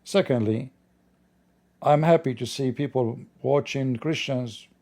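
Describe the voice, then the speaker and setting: Male livestream host, gravelly and dark, sarcastic and mocking, non-native English delivery. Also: medium pitch, unhurried. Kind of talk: livestreamed commentary.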